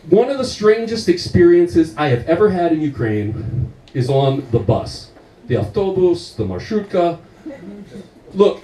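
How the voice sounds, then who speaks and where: An American man in young adulthood doing a stand-up set, telling animated stories with lots of swearing and laughter. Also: a little high, echoey room, recorded from a distance, low-quality recording. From United States. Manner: animated storytelling, swears a lot, laughs often. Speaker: stand-up comedian.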